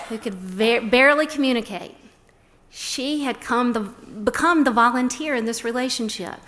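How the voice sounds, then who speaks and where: A middle-aged woman giving a prepared talk, telling stories and acting out the quoted lines. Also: on the high side. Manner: warm, storytelling, acts out quotes. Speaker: speaker on a respite care program.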